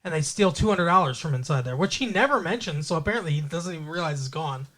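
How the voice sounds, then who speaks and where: Male podcast co-host, slightly higher pitch, loose and profane casual storyteller. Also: lively intonation, quick pace, sharp tone. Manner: loose and profane, with frequent fillers and laughs. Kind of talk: casual chat retelling a movie plot.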